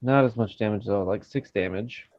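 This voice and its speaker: Male player, lowish voice, hesitant, muffled dry recording. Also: normal speed, noisy background. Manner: hesitant, many fillers. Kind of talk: describing actions in a tabletop game.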